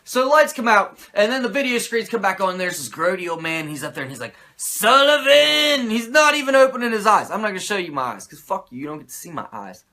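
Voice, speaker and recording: A male host running through a comedic wrestling recap, profane and sarcastic throughout. His voice is high and bright, with a pitch that swings all over. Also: big pitch swings, fast talker, hardly any pauses.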